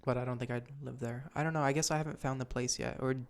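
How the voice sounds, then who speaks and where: A man's voice: mid-range voice, fairly even intonation, fast talker. A young man hosting a podcast, chatting casually and rambling with lots of fillers. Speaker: podcast host. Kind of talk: casual chat.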